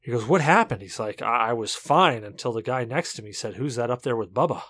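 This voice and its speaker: A man's voice: medium pitch, a little fast, fairly bright tone, dry recording, clean studio sound. A tipsy man co-hosting a podcast, rambling through a long joke with many restarts. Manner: rambling, self-interrupting, tipsy storytelling. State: drunk. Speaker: podcast co-host. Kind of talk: casual chat, telling a joke.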